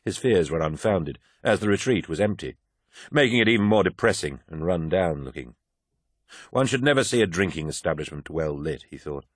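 A man reading a novel aloud in a measured, even storytelling manner. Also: deep voice, no echo, studio quality. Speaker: audiobook narrator. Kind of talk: scripted audiobook narration.

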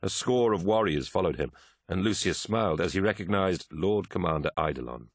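A man narrating an audiobook in a measured, dramatic way. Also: low-pitched, expressive, no echo, studio quality. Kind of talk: scripted narration.

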